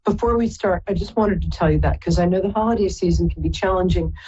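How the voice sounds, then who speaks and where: A fast-talking woman with a fairly low, warm, husky voice hosts a live call-in psychic reading on the radio. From Brooklyn, New York, she's affectionate and chatty, calling callers darling and sweetheart. The recording sounds muffled.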